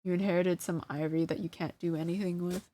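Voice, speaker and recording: A woman's voice: on the low side, steady tone, fast talker, dark tone. A woman streamer chatting casually to her live chat, flustered and self-deprecating, often breaking into laughter. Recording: dry close sound.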